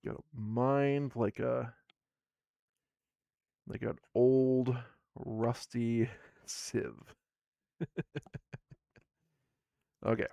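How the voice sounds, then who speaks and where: A man's voice: medium pitch, steady tone, very slow, vocal fry, long pauses, mellow, clean tone, dry recording, dull audio. A sleepy man casually narrating his solo tabletop game on a live stream, rambling and self-deprecating as he reads the game text aloud.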